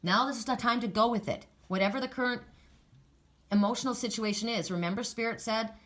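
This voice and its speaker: A woman's voice: fairly high pitch, fairly quick, fairly bright tone. An older woman giving a casual, rambling oracle card reading, with frequent restarts and laughter.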